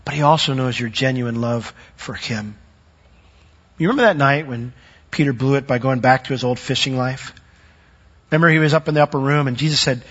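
A male pastor preaching a sermon in an animated way, often acting out the voices of the people he quotes. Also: medium pitch, a little fast, breathy edge. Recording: echoey hall, dull lo-fi sound.

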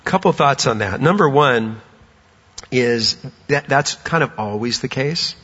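A middle-aged man preaching a sermon as pastor, telling stories with lively animation and acting out voices. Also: mid-range voice, measured pace, husky. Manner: animated storytelling, acts out voices. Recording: dull sound with long hall reverb.

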